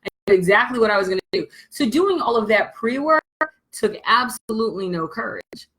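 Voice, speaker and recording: Blunt, animated woman business coach. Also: a little high, a little fast, low-quality recording. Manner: blunt and animated, swears freely. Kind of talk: candid motivational storytelling to camera.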